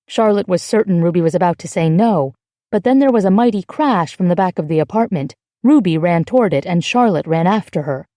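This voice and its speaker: A woman narrating an audiobook in an even, measured storytelling manner, recorded on a close mic. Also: on the low side, dry recording. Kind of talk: scripted narration.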